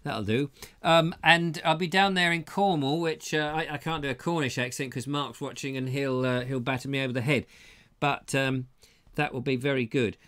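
A man's voice: mid-range voice, fairly even intonation, moderate pace, a bit bright. A middle-aged man hosting a live online show, chatting casually in a jokey, rambling way and reading viewer comments aloud. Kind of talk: casual live-stream chat.

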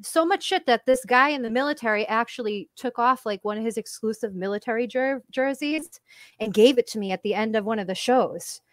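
A woman's voice: a little high, no echo, studio quality. Laughing woman with a Massachusetts accent. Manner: laughs often, swears, talks fast in runs. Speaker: co-host. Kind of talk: casual chat.

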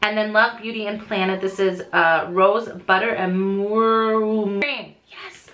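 A woman in her thirties chatting through a casual unboxing vlog, gushing and excitable, gasping often. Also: mid-range voice, takes it slowly. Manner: gushing, excitable, frequent gasps. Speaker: beauty vlogger.

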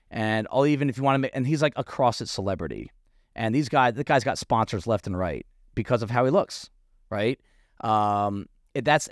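A man's voice: mid-range voice, no echo, clean studio sound. A man co-hosting a fitness podcast, talking casually in a rambling, self-questioning way with frequent fillers. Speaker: podcast co-host, fitness coach.

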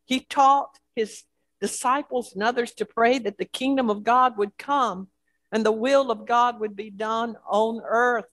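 A woman's voice: fairly high pitch, steady tone, unhurried, fairly bright tone, no echo. A woman pastor preaching a sermon with a repetitive, building cadence.

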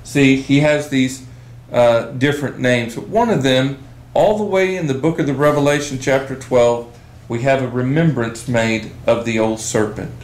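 A man teaching a Bible study session, reading scripture aloud slowly and with emphasis. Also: mid-range voice, echoey room, rough recording.

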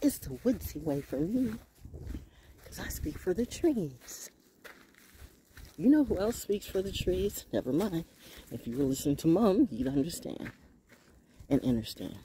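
A woman talking casually to her phone outdoors in the woods, chatty and opinionated, with a high sing-song voice for animals. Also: very animated, moderate pace, warm tone, slight background noise, rough recording. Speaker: vlogger. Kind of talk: casual outdoor vlog monologue. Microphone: phone held in hand.

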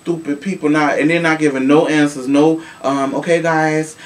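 A man from Chicago hosting a casual celebrity gossip show, sassy and animated, swearing freely. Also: fairly high pitch, normal speed. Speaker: show host. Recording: voice from a distance with faint room noise.

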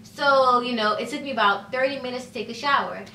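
A young woman tells a casual story to her camera, chatty and loose, dropping "like" every few words and acting out the other people's lines. Her voice is bright and a touch high. She sits a little away from the mic in an echoey room. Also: fairly quick, recorded from a distance, a little hiss or hum. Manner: chatty, fillers of "like" and "you know", acts out quoted dialogue. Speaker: vlogger.

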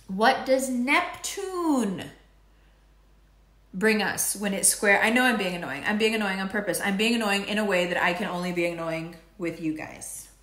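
A woman's voice: on the low side, a bit bright. Chatty woman reading horoscopes, echoey room. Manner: playful, chatty, tangents and swearing. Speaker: astrology and tarot reader. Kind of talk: casual monthly horoscope reading.

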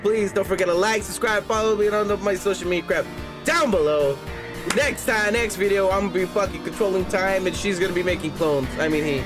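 A man hosting a casual co-op let's play, excitable and swearing freely. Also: high voice, fairly quick. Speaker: gaming channel host. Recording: gameplay music behind voice.

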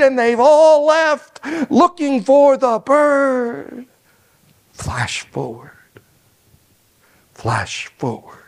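A man performing a dramatic personal story on stage, a literacy professor who swings between loud and hushed. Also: high-pitched. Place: lecture hall stage.

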